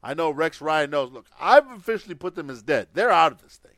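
A man's voice: fairly high pitch, sing-song, fairly quick, fairly bright tone, no echo. A man hosting a casual sports picks show, rambling through his predictions with plenty of filler words. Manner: rambling, many fillers and restarts. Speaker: podcast host making football picks.

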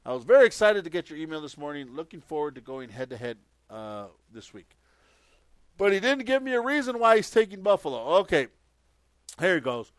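A man with a fairly high, smooth and clear voice, chatting casually through his football predictions. He rambles and restarts his sentences often, with plenty of filler words. The sound is dry and close to the mic. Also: very animated, fairly quick, dry recording. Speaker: podcast host making football picks. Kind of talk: casual sports picks commentary.

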